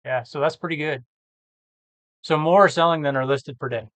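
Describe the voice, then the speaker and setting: A tired man who talks casually and thinks out loud, rambling and correcting himself as he works through reseller listings. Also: fairly high pitch, normal speed, no echo. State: tired, yawning. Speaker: eBay reseller vlogger. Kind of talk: casual screen-share commentary.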